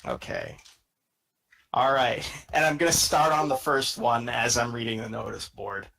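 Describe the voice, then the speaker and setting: A man's voice: mid-range voice, big pitch swings, normal speed, vocal fry, sharp tone, poor audio. A man playing a tabletop game, rambling and hesitant, with lots of filler words. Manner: hesitant, rambling with many likes. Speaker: player. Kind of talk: casual tabletop play.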